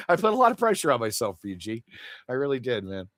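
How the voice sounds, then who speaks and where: A man's voice: medium pitch, huge pitch swings, a little fast, a bit bright, dry recording, clean studio sound. A man hosting a casual livestream chat, rambling in an earnest and confessional way. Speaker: livestream host.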